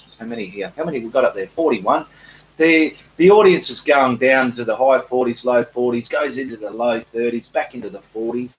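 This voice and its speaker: A man's voice: mid-range voice, fairly quick, creaky, a little hiss or hum, poor audio. A middle-aged Australian man with an Australian accent, an artist chatting casually on a live stream and reading out viewer comments in a self-deprecating way.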